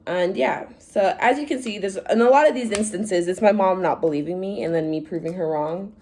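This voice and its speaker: A young woman vlogger telling stories in casual chat, animated, acting out quotes in a higher voice. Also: a little fast, slight background noise. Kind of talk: casual storytime vlog.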